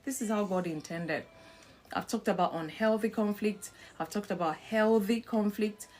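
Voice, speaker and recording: A middle-aged woman hosting a live talk on marriage, animated, acting out short quoted exchanges and laughing between points. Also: medium pitch, normal speed. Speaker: host.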